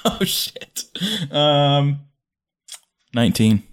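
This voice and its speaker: A man playing a tabletop game, playful and quick to laugh. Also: on the high side, smooth. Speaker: player. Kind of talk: casual tabletop game play.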